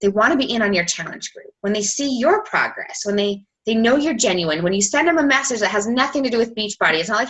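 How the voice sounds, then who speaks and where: A woman in her thirties talking fast and chattily as a team coach, her voice bright and forward. She fills her talk with "like" and slips into little acted-out messages and reactions. Her pitch sits right in the middle. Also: lively intonation, rough recording. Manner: fast, chatty, lots of "like", acts out quoted messages. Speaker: sales team coach on a team call.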